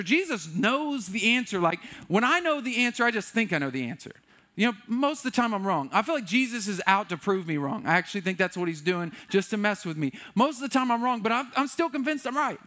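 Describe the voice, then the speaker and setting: A man preaching a sermon as a pastor, candid and self-deprecating, shifting between lively bursts and quiet earnest passages. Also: sits high, quick pace.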